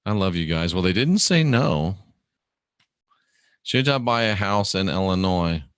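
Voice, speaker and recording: Slow, smooth-voiced man chatting casually. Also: deep voice, lively intonation, no room sound, studio quality. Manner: rambling, chatty, answers viewers by name. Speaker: livestream host reading viewer questions. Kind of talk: casual livestream chat.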